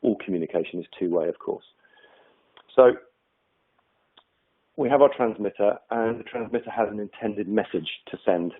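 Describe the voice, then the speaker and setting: A man's voice: on the low side, moderate pace, pauses often, slightly rough. A man presenting a webinar on communication in a conversational manner, with many fillers and restarts. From United Kingdom. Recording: tinny phone-like webinar audio.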